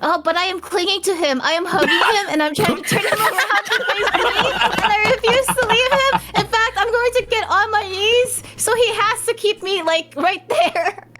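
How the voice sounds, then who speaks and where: A woman's voice: very high voice, normal speed, few pauses, bright, forceful tone. A woman playing a tabletop role-playing game in a playful, giggly way. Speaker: player.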